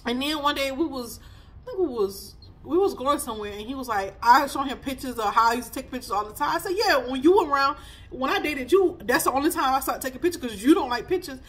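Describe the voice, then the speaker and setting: A woman in her thirties with a high, bright voice and a slightly husky edge, speaking. She gives a casual spiritual reading, chatty and sassy, often breaking into laughter. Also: animated, quick pace. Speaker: spiritual reader.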